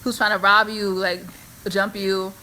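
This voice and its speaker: A woman's voice: mid-range voice, little pitch movement, measured pace, sharp tone, a little hiss or hum. A young woman from New City, hosting a casual chat and thinking aloud as she talks. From New York City. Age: young adult. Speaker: host.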